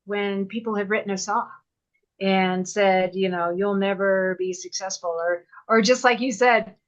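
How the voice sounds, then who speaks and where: A middle-aged woman hosts a podcast and talks openly and reflectively about her own life. Her voice sits at a mid pitch for a woman. The recording is a little dull and muffled. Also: steady tone, unhurried. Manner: reflective and open, with light laughter. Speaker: podcast host. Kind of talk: casual conversation.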